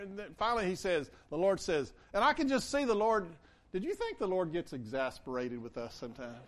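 A man's voice: high voice, moderate pace. A man preaching a conversational sermon, acting out the quotes he reads. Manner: conversational, animated, acts out quotes. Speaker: pastor.

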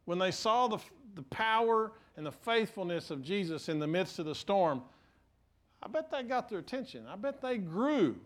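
A middle-aged man preaching a sermon, stumbling over restarts and swinging from quiet asides to emphatic points. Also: high voice, very animated, moderate pace. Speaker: pastor.

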